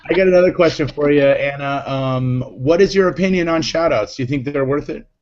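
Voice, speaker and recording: A man hosting a casual group chat, upbeat and playful, quick to laugh. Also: on the high side, a little mellow, lo-fi sound. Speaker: show host.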